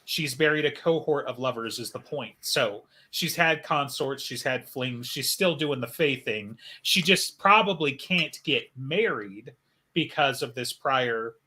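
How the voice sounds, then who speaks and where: A man's voice: mid-range voice, expressive, a little slow, pushed and bright, slightly rough. A man co-hosting a casual fan podcast, rambling and speculative with lots of fillers. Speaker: podcast co-host.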